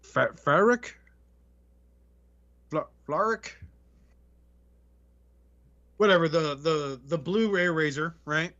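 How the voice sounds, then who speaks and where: A male podcast co-host in loose, casual chat, cracking crude jokes and swearing freely. His voice sits a little high for a man, and the audio is dull and lo-fi. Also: slow pace, pauses often, pushed and bright. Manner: crude, joking, profane.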